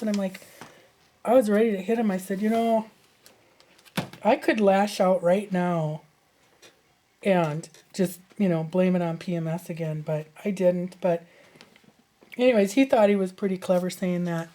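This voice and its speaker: A woman's voice: medium pitch, darkish tone, a little hiss or hum. A middle-aged woman chatting casually while she crafts, rambling through a long personal story with many asides. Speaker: crafting vlogger.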